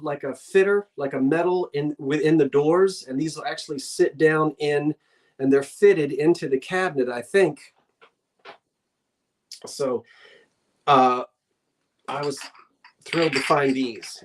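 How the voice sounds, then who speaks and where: Slow-talking older woman with Jersey accent. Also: sits low. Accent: New Jersey. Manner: chatty, rambling, talks to herself and viewers. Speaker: online antiques seller. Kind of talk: live online sale, casual chat.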